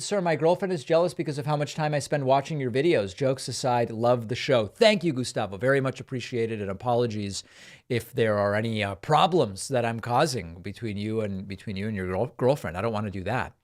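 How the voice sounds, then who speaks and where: A man's voice: mid-range voice, normal speed. A man in his thirties hosting a live political stream, reading viewer comments aloud and reacting to clips with incredulous mockery.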